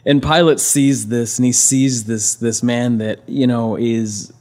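A man's voice: mid-range voice, fairly even intonation, a little slow, a little mellow. A man casually retelling a scripture story as a preacher, conversational, with many fillers and restarts.

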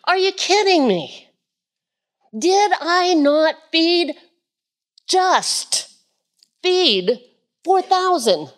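A woman voicing an exasperated grown man who scolds his followers in a high, incredulous tone during a sermon. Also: very animated, drawn-out words, long pauses, heavily acted.

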